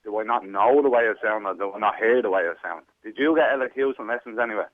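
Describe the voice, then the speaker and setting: A man's voice: on the low side, fast talker, dry recording. A man with a thick Dublin Irish accent calling a radio show, pressing and challenging as he argues back. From Ireland. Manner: persistent, challenging. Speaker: caller. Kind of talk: heated radio phone-in argument. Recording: tinny phone line.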